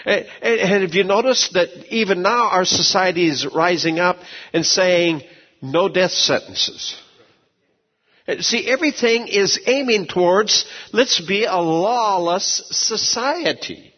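A man preaching a sermon as pastor, telling folksy stories, repeating words and swinging from low asides to shouted peaks. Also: animated, slow pace, big-room sound, muffled recording.

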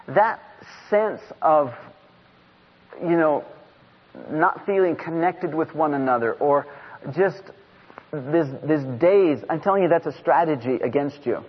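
A high-pitched, husky-voiced middle-aged man preaching with passion from a church pulpit, his words climbing into near-shouts. The recording is dull and lo-fi, with a long reverb tail trailing off the sanctuary walls. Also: slow pace. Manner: impassioned, rising to shouts. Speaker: guest preacher. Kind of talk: sermon. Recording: dull lo-fi sound in a reverberant hall.

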